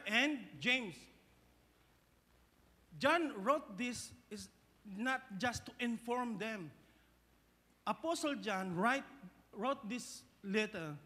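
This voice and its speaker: A man's voice: extremely high pitch, sharp tone, in a large hall. A man with a Filipino accent preaching a sermon, mixing English and Tagalog, often restarting phrases and asking the congregation "Amen?". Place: church hall.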